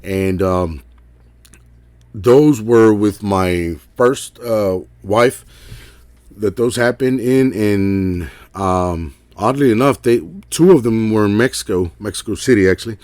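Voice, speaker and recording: A middle-aged man talks in a loose, rambling way, stacking fillers and checking in with "right?". His voice sits on the low side. The sound is close and dry, with no room echo. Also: takes it slowly, a little mellow. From Texas. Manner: rambling, filler-heavy, keeps asking "right?". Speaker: caller sharing an encounter. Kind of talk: casual storytelling.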